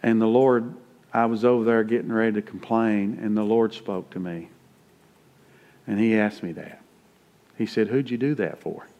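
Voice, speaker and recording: A man's voice: lowish voice, steady tone, moderate pace, pauses often, dull audio. Folksy middle-aged preacher man. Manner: folksy, plain-spoken preaching with rising emphasis. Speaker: pastor. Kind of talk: conversational sermon.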